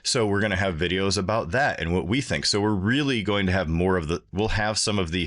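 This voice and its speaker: A man's voice: low-pitched, fairly quick, few pauses, fairly bright tone. A middle-aged man talking casually as a podcast guest, rambling a little with restarts. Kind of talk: casual chat.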